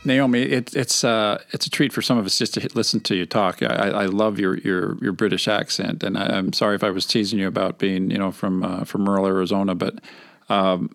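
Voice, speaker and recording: Male host, earnest, lowish voice, dry sound, soft guitar under. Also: steady tone, gravelly, no room sound. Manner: earnest, halting with restarts. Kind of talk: community radio interview.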